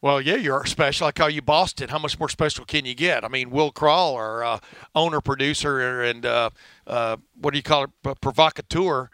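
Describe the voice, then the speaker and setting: A middle-aged man with a Texas twang hosting a casual sports podcast, talking fast with lots of uh fillers. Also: mid-range voice, sharp tone, clear, resonant tone, no room sound. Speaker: podcast host.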